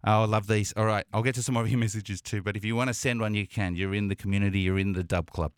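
A man's voice: fairly low pitch, steady tone, fast talker, no room sound, clean studio sound. Effusive man on radio. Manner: effusive, emotional, laughs often, many fillers. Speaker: radio presenter. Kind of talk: casual radio chat between songs. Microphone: studio microphone.

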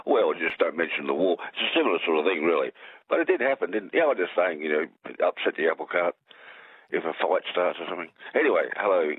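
A deep-voiced Australian man calls in to a phone-in show, rambling and joking and often restarting his sentences. His husky voice is animated and fast, coming through a tinny, dry phone line with no echo.

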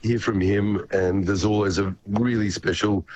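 A man, a guitarist guest on a radio interview, speaking in a croaky, hoarse voice with many halting restarts and repeated words. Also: fairly low pitch, steady tone, a little mellow, a little hiss or hum, poor audio.

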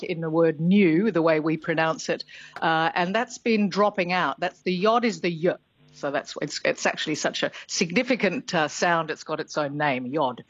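A woman's voice: on the low side, no room sound, muffled recording. A woman, talking on the radio as a language expert, explaining in a chatty way and laughing easily. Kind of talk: radio talk explaining pronunciation.

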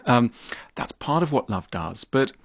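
A man speaking as the author in an interview, working through his ideas in a thoughtful way and acting out small scenes as he goes. His voice is husky, and his pitch swings widely. The sound is dry and close. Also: measured pace, dry recording. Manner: animated, acts out quoted voices with big pitch jumps; thoughtful, explanatory, repeats words when starting a point. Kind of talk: conversational interview.

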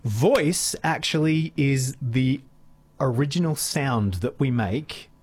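Measured man explaining things. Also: medium pitch, expressive, darkish tone, slightly rough. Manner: measured, explanatory, some fillers. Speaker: guest speech pathologist. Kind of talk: explanatory radio interview.

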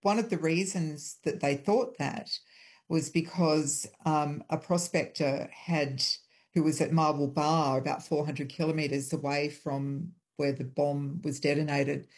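A woman guest in a hotel room, speaking over an internet call, explaining in a measured way with frequent ums. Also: low voice, steady tone, darkish tone, husky. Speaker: historian guest.

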